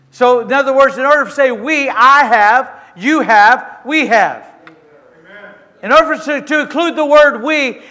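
A man pastor with a high, sharp, bright voice preaches to his congregation. He tells stories with halting restarts and rises to impassioned shouts. The sound rings with the long reverb of a church hall. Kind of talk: sermon. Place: church sanctuary with a responding congregation.

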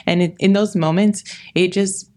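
A woman's voice: medium pitch, fairly even intonation, moderate pace, darkish tone. A woman hosting a podcast in casual interview chat, speaking in an affirming, conversational way, often saying "like" and "you know". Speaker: podcast host.

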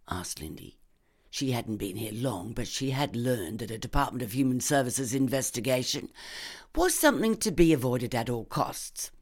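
A woman narrating a crime short story with a wry, expressive delivery. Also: rumbling low, normal speed. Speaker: narrator and reader. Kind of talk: scripted reading of a crime story.

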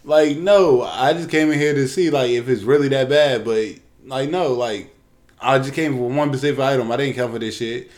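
A man's voice: medium pitch, normal speed, darkish tone. A man in casual chat, ranting in a profane, slangy way about things that annoy him.

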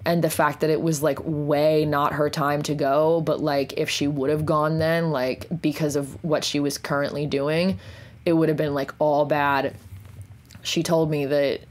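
Young woman with a low voice, rambling, profane first-person storyteller who drops to a hush at the heavy moments. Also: little pitch movement. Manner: profane, rambling, many "like" fillers; slows and drops to near whisper on intense moments. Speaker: podcast host.

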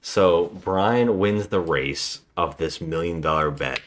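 A man hosting a podcast, casually retelling a movie plot in a rambling, relaxed way. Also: low voice, slow pace. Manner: rambling, relaxed storytelling with frequent restarts. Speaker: podcast host.

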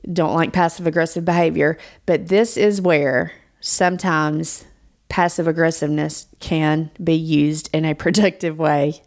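This is a woman with a somewhat low speaking voice, co-hosting a casual podcast conversation. She is reflective, often pausing and restarting as she looks for the right words to explain herself. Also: steady tone, darkish tone. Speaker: podcast co-host. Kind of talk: casual chat.

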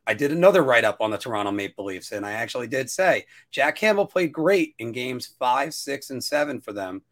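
A man co-hosting a casual podcast chat, rambling and restarting his sentences, now and then jumping up into a high-pitched whine. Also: brisk. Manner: rambling, self-interrupting, animated with sudden high-pitched whining bursts. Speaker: podcast co-host.

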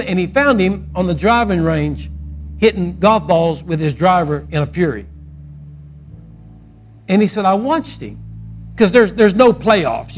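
A man preaching a sermon and telling a story, swinging from loud quoted outbursts to a soft, quiet close. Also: sits high.

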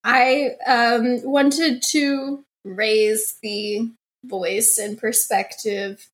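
Female comedy podcast co-host, bit high, jokey and quick with asides. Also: flat delivery. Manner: joking, reads quotes in mock voices. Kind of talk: casual comedic chat.

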